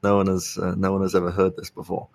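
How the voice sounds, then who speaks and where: A young man with a sore throat, speaking softly while telling a rambling, wry story in a casual podcast chat. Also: sits low, completely flat delivery, fast, vocal fry, no room sound. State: sore throat, soft-spoken. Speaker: podcast co-host.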